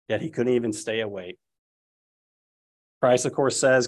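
A man's voice: mid-range voice, normal speed, long pauses. A man in his thirties preaching a sermon, retelling scripture and family stories, acting out the people he quotes. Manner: storytelling, quotes figures in raised voices.

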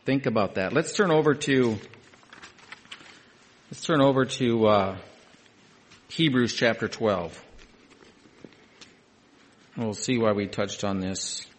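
A man's voice: medium pitch, slow, long pauses. Male preacher, scripture reading with conversational asides. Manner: reads scripture aloud, then adds conversational asides, dropping to quiet emphasis. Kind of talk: sermon.

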